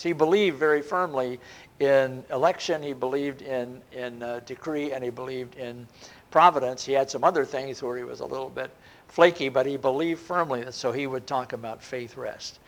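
A man's voice: medium pitch, a little fast. An older man preaching a sermon, with a conversational delivery and frequent restarts. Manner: lively, rising and falling delivery with frequent restarts.

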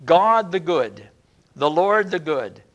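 A man preaching a sermon in an earnest way, often stretching key words slowly and restarting phrases. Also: fairly high pitch, very animated, fairly bright tone, dull audio. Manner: earnest, drawn-out emphasis with frequent restarts.

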